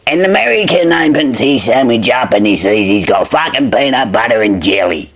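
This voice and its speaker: A drunk Australian man tells a crude joke in a rambling, sweary way, often losing track and starting over. His pitch swings widely, rising and dropping as he goes. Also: animated, brisk, hardly any pauses. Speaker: comedy podcast joke teller.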